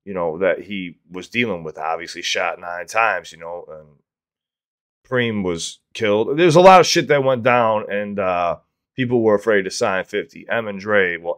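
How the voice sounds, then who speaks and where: Male reaction host, lowish voice, casual and profane, quick to get worked up. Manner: excitable, profane, breaks off to explain.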